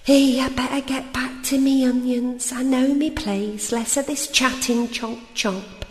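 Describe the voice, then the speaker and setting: A woman's voice: high-pitched, steady tone, measured pace, soft background music. A woman voicing a chatty, gossiping woman who runs a village cafe, rattling off cheery rhyming patter and saying "me" for "my". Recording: roomy hall with long reverb.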